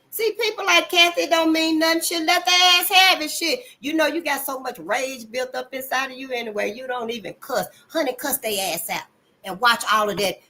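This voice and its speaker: A woman hosting her channel, giving blunt, profane commentary and calling listeners honey, swinging between loud outbursts and low asides. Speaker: channel host. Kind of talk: impassioned commentary.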